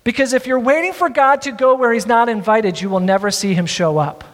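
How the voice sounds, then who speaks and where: A man's voice: very high voice, a little fast, fairly bright tone. A man preaching a sermon, reading scripture aloud and calling on the congregation to repeat the words after him. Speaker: pastor. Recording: long hall reverb.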